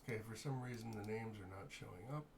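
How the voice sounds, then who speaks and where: A man acting as game master, guiding players through an online tabletop session and muttering to himself while he sorts out glitchy software. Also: fairly low pitch, quick pace, gravelly, background noise.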